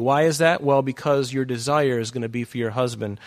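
A man's voice: mid-range voice, brisk. A man preaching a sermon who reads scripture aloud, repeats key phrases for emphasis and keeps pointing his listeners to particular verses.

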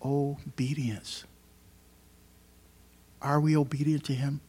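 A man preaching a sermon to his congregation in a church, emphatic and swinging between loud stresses and quiet asides. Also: fairly high pitch, flat delivery, slow pace, husky. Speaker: pastor. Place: church hall.

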